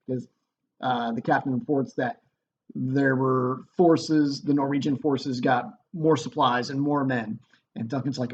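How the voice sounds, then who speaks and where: A man teaching a literature lesson in a relaxed, chatty way, recorded on a computer mic. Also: mid-range voice, moderate pace, slightly rough, dull audio.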